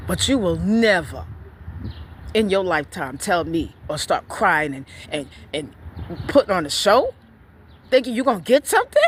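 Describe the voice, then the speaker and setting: A woman giving blunt, profane parenting opinions in a casual vlog rant, telling stories in an animated way. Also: lowish voice, normal speed, slight background noise.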